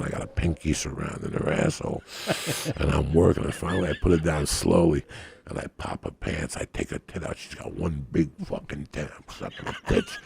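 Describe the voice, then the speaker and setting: A man's voice: a bass voice, vocal fry, a little mellow, slight background noise. A man, a stand-up comedian, telling crude, profane stories on a podcast and laughing at his own jokes.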